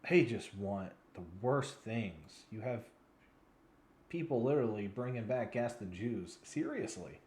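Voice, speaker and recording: A man's voice: fairly low pitch, lively intonation, measured pace, a little mellow, reverberant. A man in his twenties giving rambling, frustrated commentary as a news vlogger, sounding weary and yawning now and then. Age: 20s.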